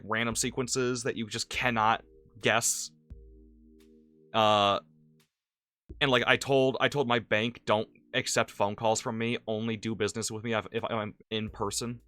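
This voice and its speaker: A man's voice: mid-range voice, pushed and bright. A man streaming a game and chatting casually, rambling with restarts and frequent cursing. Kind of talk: casual gaming stream commentary.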